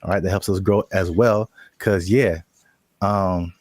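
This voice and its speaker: Brief: young male co-host, low-pitched, casual and rambling, dry close sound. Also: measured pace, dry recording. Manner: relaxed, rambling, frequent "uh"s. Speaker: podcast co-host. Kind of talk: casual chat.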